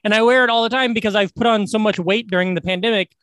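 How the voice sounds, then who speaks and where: A man's voice: sits high, steady tone, fast, a bit bright, smooth, dry recording. A man co-hosting a podcast, chatting casually and rambling through stories with lots of restarts. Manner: rambling storyteller with many restarts. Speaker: podcast co-host. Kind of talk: casual chat.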